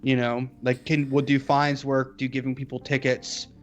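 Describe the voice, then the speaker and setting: A man co-hosting a podcast, chatting casually in a rambling, profane, animated way. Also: medium pitch, moderate pace, highs cut off, faint music behind. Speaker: podcast co-host.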